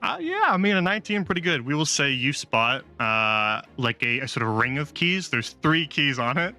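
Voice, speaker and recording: A man's voice: medium pitch, big pitch swings, moderate pace, sharp tone, soft background music. A man running a tabletop game as game master, describing the scene in an easygoing, rambling way.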